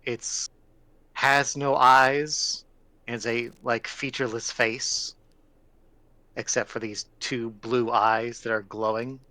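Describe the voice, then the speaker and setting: A man's voice: medium pitch, level tone, takes it slowly, pushed and bright, dry recording. A man narrating a tabletop game as game master, describing scenes casually and with many self-corrections.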